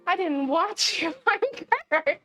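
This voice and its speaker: A young woman with a high, light voice reads game dialogue aloud on a live stream, often dissolving into giggles between lines. Faint music plays underneath. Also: slow, bright, forceful tone. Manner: giggly, keeps breaking into laughter while reading.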